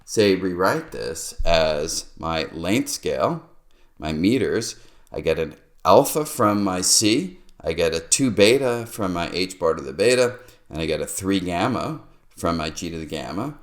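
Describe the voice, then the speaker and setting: A man's voice: deep voice, lively intonation, a little slow. A middle-aged man explaining a physics derivation step by step, musing aloud as he writes. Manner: musing, talks to himself while writing. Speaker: physics lecturer.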